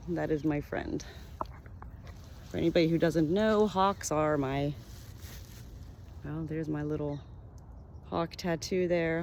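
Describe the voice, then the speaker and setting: A woman vlogging as she cleans a gravestone, speaking softly and reverently and addressing the dead directly. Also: sits low. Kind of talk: casual narration while working. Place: outdoor cemetery. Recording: noisy outdoor audio with passing traffic.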